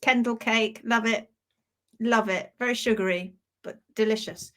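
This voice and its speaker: A woman hosting a casual live stream, chatty and quick to laugh as she greets viewers by name. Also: fairly high pitch, fairly even intonation, fairly bright tone.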